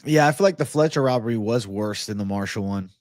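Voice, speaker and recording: A man hosting a live stream, relaxed as he reads and answers viewer chat. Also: lowish voice, fast, dry recording, studio quality. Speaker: livestream host.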